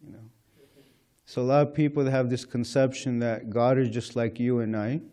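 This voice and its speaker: A man's voice: medium pitch, flat delivery, moderate pace, mellow. A man giving an informal scripture class at a temple, talking conversationally with frequent "you know" and chuckles. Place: temple lecture hall.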